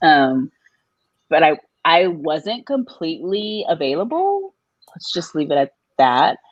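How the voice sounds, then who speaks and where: Low-voiced woman telling a story, lo-fi. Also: measured pace, dry recording. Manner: animated, jumps high in pitch when quoting people. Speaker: guest. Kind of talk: casual storytelling on a live podcast.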